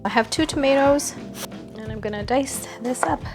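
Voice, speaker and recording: A woman's voice: sits high, normal speed. A woman hosting a cooking video, chatting playfully as she walks through each step of a recipe. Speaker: cooking show host. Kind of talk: casual cooking demonstration. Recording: background music under voice.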